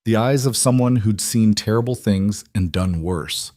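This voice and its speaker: Low-voiced male story narrator. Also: measured pace, warm tone, no room sound, clean studio sound.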